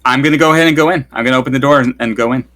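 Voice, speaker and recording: A man playing a tabletop game, hesitant and thinking out loud. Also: medium pitch, very fast. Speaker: player.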